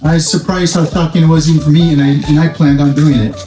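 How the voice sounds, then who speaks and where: A man's voice: on the high side, steady tone, quick pace, dark tone. A man hosting a casual workshop vlog about building models from scrap, chatty, rambling and self-amused. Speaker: toy-scrap model builder, channel host. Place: home workshop at a workbench. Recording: echoey room with faint music.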